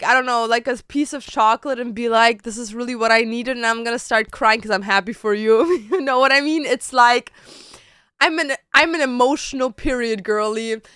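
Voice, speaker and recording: A chatty woman streamer talks casually to her viewers from her bedroom. Her voice is bright, crisp and a little high. The sound is close and dry, with little room in it. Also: dry recording. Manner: chatty, slangy and expressive, with frequent "like". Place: home bedroom.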